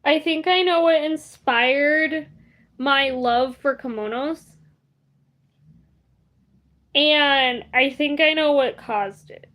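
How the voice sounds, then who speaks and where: A woman's voice: sits high, takes it slowly, fairly bright tone. A young woman streaming live, chatting casually and rambling, often laughing. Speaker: livestreamer. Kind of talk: casual livestream chat.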